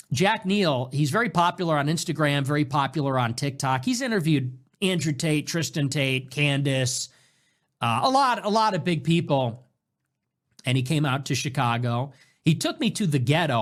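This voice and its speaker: Sarcastic guy rambling on his own show, kinda high voice, gets loud then mutters. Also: normal speed. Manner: animated, sarcastic, swings between loud bursts and low mutters. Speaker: show host. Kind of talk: casual livestream monologue.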